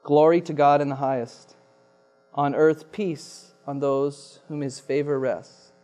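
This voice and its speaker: High-voiced man preaching emphatically. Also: fairly even intonation, slow, darkish tone, smooth, faint music behind. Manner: emphatic, repeats key phrases. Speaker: pastor. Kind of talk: sermon.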